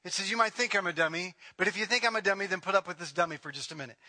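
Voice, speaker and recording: A man's voice: sits high, rapid-fire, pushed and bright. A middle-aged male pastor preaching a sermon in a church, mixing joking asides with emphatic, rising preaching.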